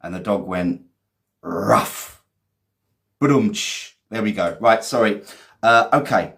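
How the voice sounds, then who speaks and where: A man's voice: lowish voice, a bit bright. A man teaching vocabulary in a live lesson, reading out viewers' sentences, praising them and cracking cheesy jokes. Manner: chatty and encouraging, quick praise, cheesy jokes. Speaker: English teacher.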